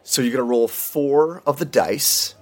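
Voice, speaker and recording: A man's voice: mid-range voice, a little slow. Laid-back male game master. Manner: relaxed, laid-back narration with many fillers. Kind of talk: narrating a tabletop game.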